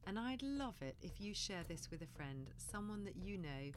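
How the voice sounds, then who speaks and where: Gentle woman hosting a podcast. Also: medium pitch, very animated, normal speed, slight background noise. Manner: gentle, coaching, drops to a soft hush for quoted comforting words. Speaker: parenting podcast host. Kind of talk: solo podcast talk.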